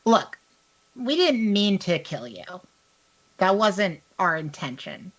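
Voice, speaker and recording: A woman voicing a grumpy, blunt hawk spirit in a tabletop game, speaking in a flat, matter-of-fact way. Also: mid-range voice, slow, lo-fi sound, exaggerated voice. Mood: defensive.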